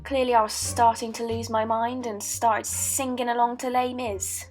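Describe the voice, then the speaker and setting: A woman's voice: on the high side, little pitch movement, normal speed, over music. A young woman in her late teens from Britain, narrating a painting video in a joking put-on Australian accent, with a playful mock-documentary tone and dry asides. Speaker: art student. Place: voice-over recorded at home.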